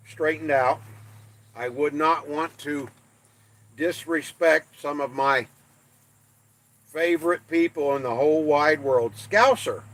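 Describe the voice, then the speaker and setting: A man's voice: a little high, fairly bright tone. An older man from the American West hosting a livestream, chatting casually and folksy with viewers as he reads their comments. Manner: folksy, self-deprecating, reads chat aloud. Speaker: livestream host. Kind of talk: casual chat with live chat viewers.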